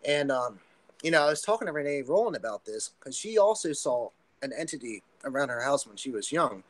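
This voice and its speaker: Guy on a podcast telling his story, earnest and rambly, lots of um and you know, mid pitch voice. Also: very animated, fairly quick, low-quality recording. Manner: earnest, rambling, many fillers and restarts. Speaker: podcast guest. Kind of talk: casual storytelling.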